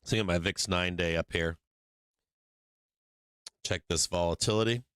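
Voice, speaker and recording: This stock market livestream host has a deep voice with a steady tone, a somewhat bright, clean quality, and normal speed, recorded with no echo. He has the hiccups and talks casually and profanely, rambling, frequently restarting, and drifting off mic as he works his screens and charts.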